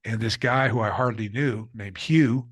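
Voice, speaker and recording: A husky, slightly breathy older man speaking as a guest in an interview. He tells his stories earnestly and openly, voicing the people in them. The sound is close and dry. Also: fairly low pitch, normal speed, fairly bright tone, no room sound. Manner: earnest, candid storyteller who acts out quotes. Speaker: author and guest. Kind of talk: reflective storytelling interview.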